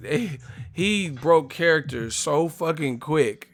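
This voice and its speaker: A man's voice: medium pitch, moderate pace, faint music behind. A man with an American accent hosting a casual live stream, telling jokes and stories with heavy swearing and frequent laughter. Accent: US English. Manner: profane, joking storyteller who laughs a lot. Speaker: boxing live-stream host.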